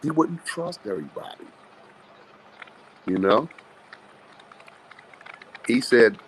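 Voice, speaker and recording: A man, a boxing trainer, telling blunt, animated stories with plenty of swearing in a live interview. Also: mid-range voice, slow pace, long pauses, a little hiss or hum, poor audio. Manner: animated, blunt, profane storytelling.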